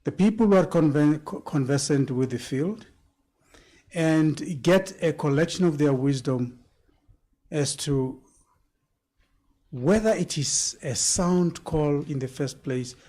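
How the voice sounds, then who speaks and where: A man speaks on a panel at a live event, slowly and deliberately, leaning hard on key words. His voice sits a little high for a man, and he often repeats himself as he builds a point. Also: dark tone. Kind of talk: panel discussion answer.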